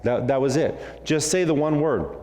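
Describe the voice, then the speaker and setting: A man preaching a sermon as pastor. He talks in an animated way, acts out bits of dialogue and throws in jokey asides. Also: fairly high pitch, normal speed, long reverb tail. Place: church sanctuary.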